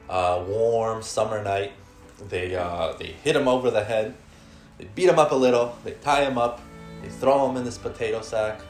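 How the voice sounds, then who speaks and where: A man telling a folk tale to friends in a relaxed way, with fillers and laughs. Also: on the low side, reverberant. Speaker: storyteller. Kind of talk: casual storytelling among friends.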